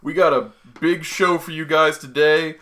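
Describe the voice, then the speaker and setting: Bright, excitable young male podcast host. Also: on the high side, normal speed. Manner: excitable, profane, rambling tangents. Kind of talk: casual podcast chat.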